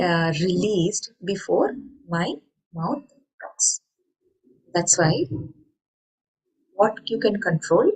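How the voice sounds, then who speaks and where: Earnest lower-voiced woman giving a talk. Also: darkish tone, low-quality recording. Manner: earnest, explaining with everyday examples and rhetorical questions. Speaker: meditation speaker. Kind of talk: spoken talk to an online group.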